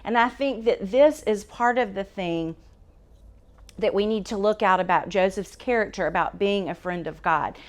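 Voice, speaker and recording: Woman leading bible study, chatty and casual, asks the group stuff, mid-pitch voice. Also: normal speed. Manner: conversational, asks the group questions, self-correcting.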